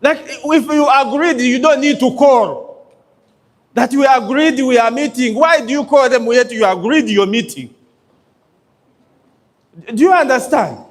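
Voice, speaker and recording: A man's voice: extremely high pitch, unhurried, long pauses. A man giving a motivational business talk to an audience, emphatic and checking in with his listeners. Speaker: business coach.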